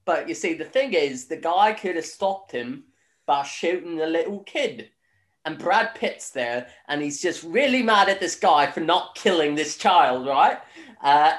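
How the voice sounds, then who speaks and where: A young man from Northern Ireland hosts a podcast, laughing and swearing as he rambles through a film recap with lots of fillers. His voice is fairly high and a bit bright, animated but a little slow, recorded in an echoey room.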